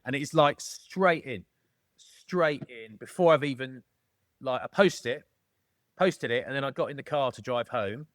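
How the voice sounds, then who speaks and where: A man's voice: mid-range voice, normal speed, dry recording, studio quality. A middle-aged Englishman with a jokey, matey manner, chatting casually as a podcast guest. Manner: jokey, matey, calls people mate. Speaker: podcast guest, former rugby player. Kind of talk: casual storytelling chat.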